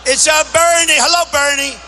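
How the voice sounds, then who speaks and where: A man's voice: very high voice, fairly even intonation, normal speed, sharp tone, a little hiss or hum. A man giving a campaign rally speech, combative and repetitive, talking straight to the crowd. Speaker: political candidate. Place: large rally venues.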